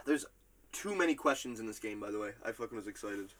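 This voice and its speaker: A man's voice: on the low side, animated, fast talker, fairly bright tone, a little hiss or hum. A man hosting a casual podcast quiz game, loose and profane, laughing often between reading out quotes. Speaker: quiz host.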